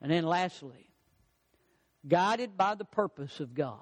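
A man preaching a sermon, building emphasis through repeated phrases and stretching key words slowly. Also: high-pitched, animated. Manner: preaching with rising, emphatic repetitions. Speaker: pastor.

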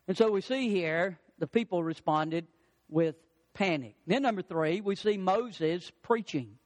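A man's voice: high voice, expressive, unhurried, long reverb tail. A male pastor delivering a sermon, building emphatic repeated lines and acting out the quotes he tells. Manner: preaching with rising emphatic lines and acted-out quotes.

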